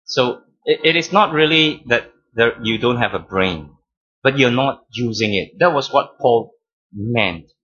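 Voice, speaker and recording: A man preaching a sermon as pastor, teaching deliberately, stressing key words and repeating phrases. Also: medium pitch, animated, sharp tone, husky, muffled recording.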